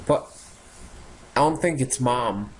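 A young man giving casual, sarcastic commentary while playing a game, swearing often and reacting out loud. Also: mid-range voice, slow, slight background noise. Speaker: gaming YouTuber. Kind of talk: casual let's-play commentary.

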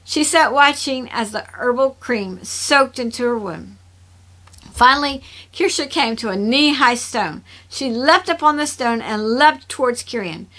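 A woman's voice: high voice, bright, forceful tone. A woman author reading her own fantasy chapter aloud, narrating steadily and expressively. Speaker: author and storyteller.

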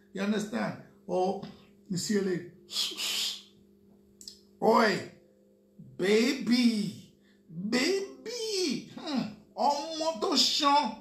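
A man's voice: high-pitched, vocal fry. A Nigerian man co-hosting a radio talk show, lecturing listeners and often checking that they understand. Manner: lecturing, keeps asking "you understand?". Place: radio studio. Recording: echoey room with faint hum.

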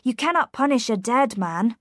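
A woman voicing a stern, slow-thinking country magistrate who speaks in a commanding, reproachful way. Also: a little high, animated, fairly bright tone, no room sound, clean studio sound, pitched above the performer's own voice.

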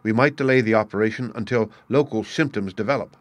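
A man reading aloud in his own lowish voice as a cautious surgeon who speaks in a measured, deliberate way. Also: dry recording, close to an everyday voice. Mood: cool. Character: calm, cautious male surgeon.

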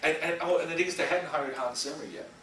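The middle-aged man's voice is a little high, fast, pushed and bright. As a storyboard artist for animation giving a casual guest lecture, he rambles from anecdote to anecdote, laughing often and acting out quotes. The recording comes from a school lecture room: echoey, distant mic, faint hiss.

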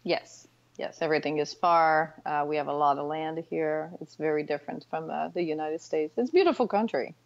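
A woman with a French Canadian accent, French being her first language, talks as a guest in a relaxed interview. Her voice sits fairly low, and she pauses now and then to find the right English word. The audio is dull and lo-fi. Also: creaky. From Quebec City, Canada. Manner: friendly, hesitant, searching for words. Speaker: guest, online seller. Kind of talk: casual podcast interview.

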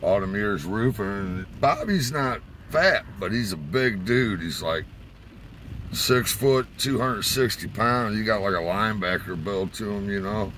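A man's voice: lowish voice, expressive, a little slow, a bit bright, slight background noise. A man telling a rambling, profane story in a casual way, chuckling as he goes, from inside a car.

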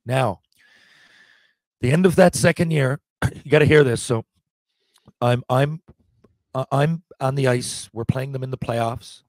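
A man's voice: mid-range voice, measured pace, long pauses, darkish tone, no room sound. A man in his forties, a podcast guest, telling rambling, profanity-laced anecdotes in a casual way. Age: 40s. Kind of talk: casual storytelling.

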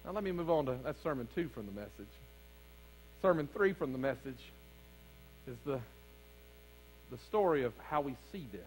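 A man's voice: mid-range voice, animated, normal speed, long pauses, slight background noise, low-quality recording. A man preaching a sermon as pastor, calling out to his congregation with rising fervor. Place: church sanctuary.

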